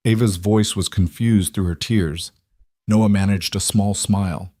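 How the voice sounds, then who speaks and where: A man narrating a dramatic story in a steady, scripted storytelling manner. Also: on the low side, measured pace, no echo, studio quality.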